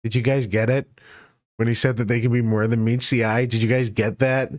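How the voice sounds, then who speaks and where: A man's voice: mid-range voice, flat delivery, fairly quick, dry recording, clean studio sound. A man co-hosting a casual reaction chat, joking and sarcastic, swearing freely. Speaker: co-host reacting to a trailer.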